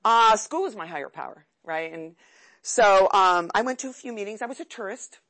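Woman, 50s, from California. Gravelly, talkative, frank recovery testimony. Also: mid-range voice, animated, moderate pace, a bit bright. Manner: chatty, frank, self-mocking. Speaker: speaker sharing at a recovery meeting. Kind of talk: candid personal testimony.

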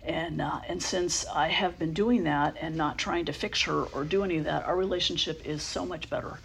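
Speaking low with vocal fry over a noisy background, a middle-aged woman tells her own story at a recovery meeting. She stumbles through fillers and restarts, sinking into a near-whisper when things get tender.

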